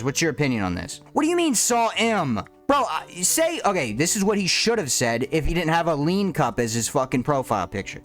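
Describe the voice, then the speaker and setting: A man in his twenties reacting to viewer comments in a blunt, crude, mocking way, jumping between high rants and low mutters. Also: huge pitch swings, brisk, hardly any pauses, fairly bright tone, faint music behind. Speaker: content creator.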